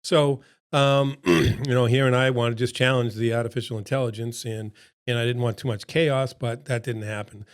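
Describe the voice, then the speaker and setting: A middle-aged man leads a seminar in a loose, conversational pep-talk manner, circling back to hammer his points home. His voice sits at an ordinary male pitch, with a slightly froggy throat running through it. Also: steady tone, normal speed. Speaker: seminar presenter. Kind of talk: casual motivational seminar talk.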